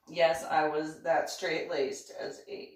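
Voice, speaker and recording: A woman's voice: low-pitched, slight background noise. A woman from New Jersey telling a casual story on her vlog, laughing often as she talks. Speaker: vlogger. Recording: echoey room, distant mic.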